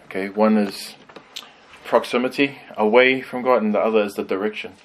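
Low-voiced man teaching scripture. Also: fairly even intonation, rough recording. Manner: thoughtful, pauses with frequent ums. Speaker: Bible teacher. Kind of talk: conversational Bible study teaching.

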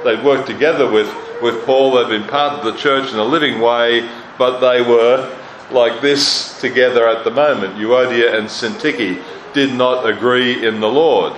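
A man's voice: mid-range voice, fairly even intonation, a little slow, fairly bright tone. A man preaching a sermon as pastor, emphatic, repeating lines for stress and putting questions to his hearers. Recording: roomy hall sound with faint noise.

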